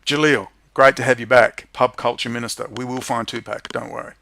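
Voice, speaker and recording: A man hosting a livestream, ranting profanely to his viewers and swinging between muttering and shouting. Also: medium pitch, fairly even intonation, brisk, vocal fry. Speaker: livestream host.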